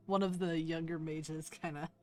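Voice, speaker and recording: A woman narrates a tabletop roleplaying game as its game master. Her voice is low and her pace is unhurried. She is playful and laughs easily as she narrates. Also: warm tone.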